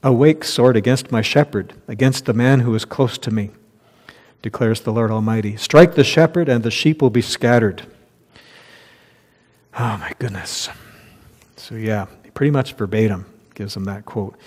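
Male pastor, middle pitch, conversational sermon, long hall reverb. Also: moderate pace, a little mellow. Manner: conversational, reads scripture aloud, loses his place and laughs at himself.

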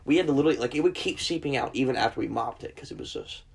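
A young man, a podcast guest, telling stories in a laid-back, deadpan way during casual chat. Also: medium pitch, rapid-fire, creaky, breathy edge.

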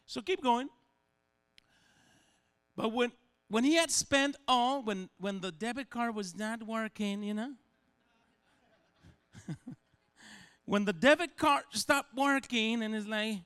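A man preaching a sermon, animated and humorous, acting out little scenes and voices as he goes. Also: high-pitched, a little slow, pauses often, clear, resonant tone. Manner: animated, acts out voices and dialogue, humorous asides.

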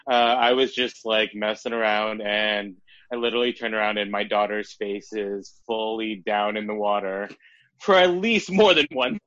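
A man in his thirties chats casually as a podcast co-host, with a somewhat low voice that jumps up when he tells a story. The sound is dry and a little dull, as if from a lo-fi recording. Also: dry recording. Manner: animated storyteller, quick bursts, laughs often. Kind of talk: casual chat.

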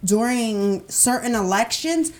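A woman's voice: a little high, animated. Brash New York woman host. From Brooklyn, New York. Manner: brash, quick, teasing. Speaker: radio show co-host. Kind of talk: casual group chat.

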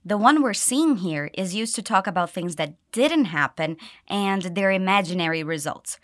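A woman teaching English pronunciation, reading dialogue lines and slowly modelling phrases for learners to repeat. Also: medium pitch, lively intonation, a bit bright, no room sound, studio quality. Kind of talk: pronunciation lesson with repeat drills.

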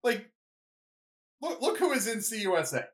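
A young adult podcast host in a casual solo rant, rambling and excitable, with lots of "like" and "you know". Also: mid-range voice, normal speed. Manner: rambling, filler-heavy, excitable.

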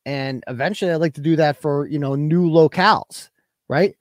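Fairly high-pitched and at a moderate pace, this male voice comes through dry and studio-quality. He's a live web show host in a casual livestream rant, brash, profane and combative, while reading viewer donations aloud.

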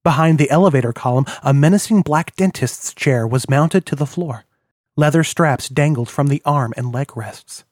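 A man reading an audiobook in a measured, descriptive manner. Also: fairly high pitch, darkish tone, dry recording, studio quality. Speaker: audiobook narrator. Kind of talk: scripted narration.

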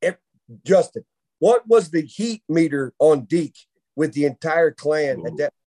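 A man, co-hosting a podcast and telling a long funny story in a casual, animated way, often laughing. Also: fairly high pitch, measured pace. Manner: animated storyteller who laughs through his own tale. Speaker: podcast co-host.

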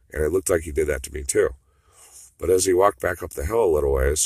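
A man's voice: very deep voice, steady tone, fairly quick, no room sound. A man talking in a rambling, profane monologue that swings between mutters and outbursts.

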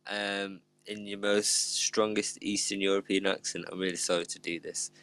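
A man's voice: fairly low pitch, flat delivery, moderate pace, fairly bright tone, clear, resonant tone. A British man hosting a casual podcast chat, cheeky and laughing, swearing freely. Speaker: podcast host.

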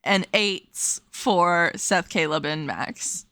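A woman co-hosting a casual book podcast, reading passages aloud quickly and laughing as she talks. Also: lowish voice, bright, forceful tone, no echo. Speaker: podcast co-host.

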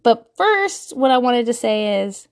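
A woman's voice: fairly high pitch, very animated, a little slow. A woman in her thirties, chatting casually to camera as a parenting vlogger, self-mocking and laughing often.

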